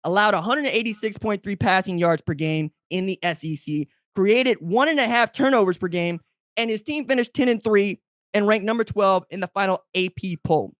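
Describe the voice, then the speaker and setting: A man hosting a solo sports podcast, talking emphatically to fans in second person with big jumps in pitch. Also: moderate pace, a bit bright, dry recording, clean studio sound. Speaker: podcast host.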